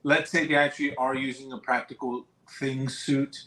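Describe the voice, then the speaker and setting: A man's voice: mid-range voice, flat delivery, moderate pace, bright, forceful tone, reverberant, rough recording. A man co-hosting a podcast, giving blunt, emphatic, profane opinions on upcoming films. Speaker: podcast co-host. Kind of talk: casual chat.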